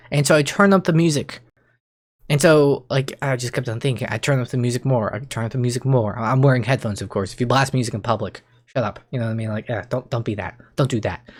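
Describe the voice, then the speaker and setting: A young man talking casually to camera as a streamer, rambling and excitable, often restarting his sentences and jumping in pitch when he gets worked up. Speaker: streamer and YouTuber. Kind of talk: casual vlog monologue.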